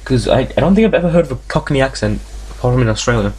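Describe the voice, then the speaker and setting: A man's voice: medium pitch, expressive, rapid-fire, a little mellow, a little hiss or hum. A man hosting a let's play, reading a visual novel aloud and breaking off into jokes, tangents and frequent swearing. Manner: reads story text aloud, stumbling over words.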